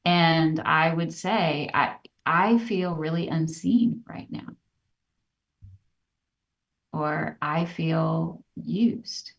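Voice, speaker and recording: A woman co-hosting a podcast, telling personal stories in an earnest, reflective way that turns animated. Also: fairly low pitch, vocal fry. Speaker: podcast co-host. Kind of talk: candid personal storytelling. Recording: dull, slightly distant podcast audio.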